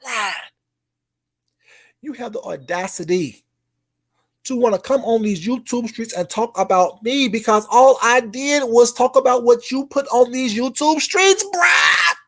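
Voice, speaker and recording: A YouTuber ranting in a call-out vlog, loud and profane, taunting, repeating a name mockingly and swinging between shouts and low mutters. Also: measured pace.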